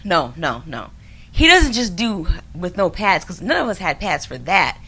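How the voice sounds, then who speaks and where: A woman co-hosting a podcast, telling a story in casual chat, animated and often laughing, acting out other people's lines. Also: lowish voice, moderate pace, vocal fry, husky. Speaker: podcast co-host.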